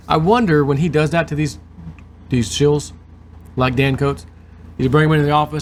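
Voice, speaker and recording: A man's voice: a little high, fairly even intonation, fairly quick, a little hiss or hum. A man hosting his show, reading news aloud and breaking off into sarcastic commentary. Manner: reads aloud, then adds sarcastic asides. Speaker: host.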